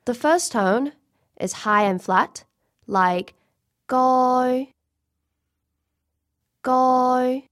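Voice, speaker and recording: A woman teaching a listening lesson, speaking slowly and carefully and repeating each example word twice. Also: medium pitch, lively intonation, a bit bright. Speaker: language teacher. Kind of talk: scripted lesson narration.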